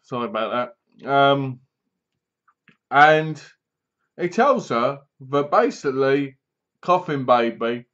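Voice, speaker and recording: A man's voice: mid-range voice, a bit bright. A man giving a casual, rambling spoken film review, retelling scenes with sound effects and asides. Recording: dull lo-fi home recording.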